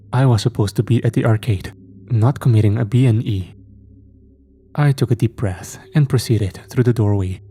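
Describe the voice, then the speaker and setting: A man reading a scripted horror story in a steady, measured way. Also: lowish voice, slight background noise.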